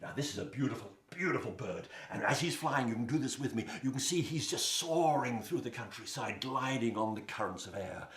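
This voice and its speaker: A man's voice: medium pitch, fairly quick, few pauses, roomy sound. A man telling a story to children, inviting them to join in with sounds and moves. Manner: animated, invites the audience to join in.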